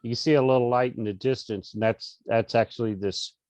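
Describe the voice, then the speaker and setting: A man's voice: medium pitch, fairly even intonation, fairly quick, darkish tone, no room sound, muffled recording. A middle-aged man, an interview guest, telling a casual story over a video call with lots of restarts and fillers. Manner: rambling, many restarts and fillers.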